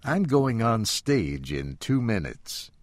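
A man voicing a hurried young stage performer. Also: lowish voice, very animated, dry recording, pitched above the performer's own voice. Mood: impatient, coaxing.

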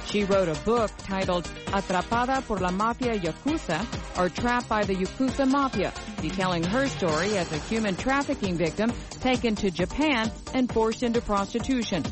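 A woman hosting a radio program, reading a scripted introduction in a measured, clear way before interviewing a guest. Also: medium pitch, animated, music in the background.

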